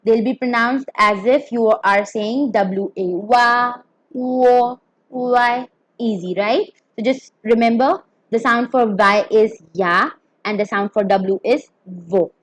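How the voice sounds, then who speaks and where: A woman's voice: medium pitch, unhurried, dry recording, poor audio. A woman teaching a beginner Mandarin pinyin lesson, explaining carefully and demonstrating each tone.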